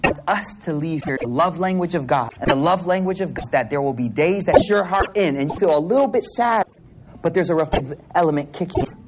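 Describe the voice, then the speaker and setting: A man giving an informal religious talk, slangy and animated, swinging between hushed and loud. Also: fairly high pitch, brisk. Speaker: religious speaker. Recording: noisy recording with clicks.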